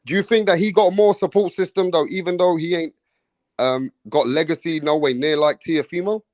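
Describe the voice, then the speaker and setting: A man's voice: on the high side, fairly even intonation, moderate pace, darkish tone, no echo. Questioning man in boxing chat. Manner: questioning, seeks agreement.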